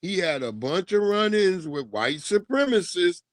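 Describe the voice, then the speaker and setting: A man riffs loosely on a panel, swearing and trailing off while he hunts for a name. His voice sits a little high for a man and sounds dry and close. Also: expressive, unhurried, no room sound. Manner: rambling, searches for names, profane, laughing. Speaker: panel co-host. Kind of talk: casual panel chat.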